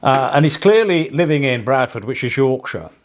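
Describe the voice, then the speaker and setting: A man's voice: medium pitch, expressive, normal speed. A man from England, a parson vlogging, talking in a wry, digressive way with chuckling asides. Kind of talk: casual rambling vlog monologue.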